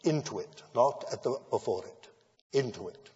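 A man preaching a sermon in a measured style that builds to emphatic declarations. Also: mid-range voice, expressive, darkish tone, breathy edge. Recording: dull lo-fi sound with long hall reverb.

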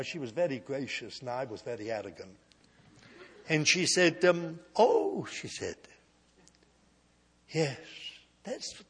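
Slow, husky preacher in a reverberant hall. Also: male voice, a little high. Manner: storytelling, slow and emphatic with big swings in loudness. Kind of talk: sermon.

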